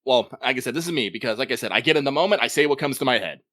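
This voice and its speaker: A man's voice: medium pitch, animated, racing, a bit bright, no echo, studio quality. A man co-hosting a podcast in casual chat, talking in long runs full of swearing and self-corrections. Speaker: podcast co-host.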